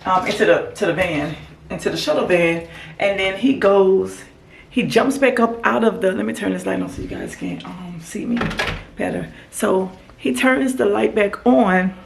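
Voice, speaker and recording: A woman vlogger telling a casual story to her camera, animated and acting out what people said. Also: moderate pace, creaky, slight background noise. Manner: animated storyteller, acts out quotes in a higher voice. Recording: echoey room.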